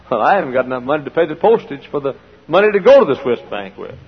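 A man preaching a sermon in a folksy style, full of rhetorical questions, swinging between loud and hushed. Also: medium pitch, sing-song, fast, husky. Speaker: pastor. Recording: dull old sermon recording in a large hall.

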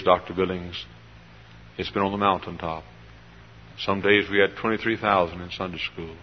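A man's voice: sits low, in a large hall, slight background noise. An older man preaching a sermon with fervor, often repeating his phrases. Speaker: pastor. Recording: dull lo-fi sermon recording.

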